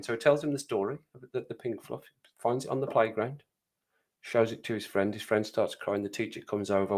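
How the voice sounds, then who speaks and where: A man's voice: fairly low pitch, moderate pace. A man telling a story on a live stream, rambling and repeating phrases for comic effect.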